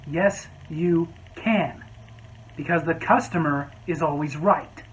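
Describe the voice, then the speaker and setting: A man doing a stubborn, flat-voiced diner. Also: a little high, slight background noise, close to an everyday voice, low-quality recording. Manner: slow, flat, insistent. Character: stubborn adult male restaurant customer.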